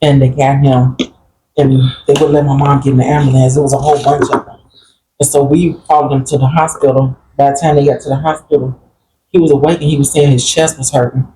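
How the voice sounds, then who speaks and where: A woman's voice: a bass voice, flat delivery, quick pace, dark tone, poor audio. A woman guest earnestly recounting a personal grief story in a plain-spoken group conversation. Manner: earnest, plain-spoken, quotes family members while recounting.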